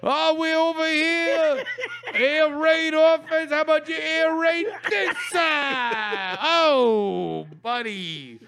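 A man voicing a brash male Italian tough-guy stereotype, shouting aggressive taunts in an improvised comedy bit. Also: extremely high pitch, slow pace, creaky, heavily acted. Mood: aggressive taunting.

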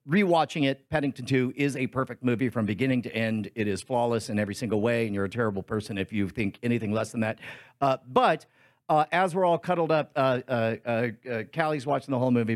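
A man's voice: mid-range voice, quick pace. A man in his thirties co-hosting a casual podcast, telling a rambling family story with many fillers and laughs. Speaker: podcast co-host. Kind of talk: casual chat.

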